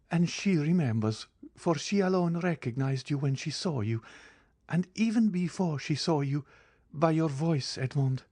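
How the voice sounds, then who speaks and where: A man's voice: on the high side, a little mellow, breathy edge, no echo, pitched above the performer's own voice. A man reading an audiobook, voicing a despairing middle-aged noblewoman who pleads for her son. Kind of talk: audiobook character voice.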